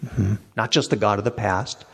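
Gravelly husky pastor in a reverberant hall. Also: male voice, lowish voice, moderate pace. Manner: asks questions and repeats listeners' answers back. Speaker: pastor leading a Bible study. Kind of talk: interactive Bible study teaching.

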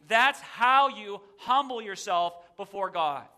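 Bright-voiced male pastor preaching. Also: sits high, expressive, slow. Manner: emphatic preaching, repeating a verse with shifting emphasis. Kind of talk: sermon. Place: church sanctuary.

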